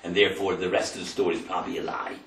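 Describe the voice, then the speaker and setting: A man's voice: sits low, flat delivery, very fast, a bit bright. A man, a rabbi, giving a Torah lesson. He retells the scripture dramatically and translates it verse by verse. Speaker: rabbi teaching a Torah class. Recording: roomy sound from a distant mic.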